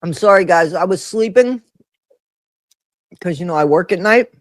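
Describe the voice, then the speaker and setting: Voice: mid-range voice, expressive, normal speed. A livestream host chatting casually, greeting viewers by name while snacking.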